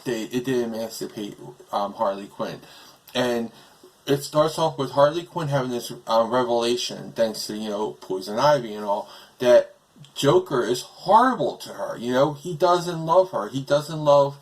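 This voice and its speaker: A man's voice: mid-range voice, moderate pace, low-quality recording. A man casually reviewing a show, rambling with many fillers, his voice breaking today.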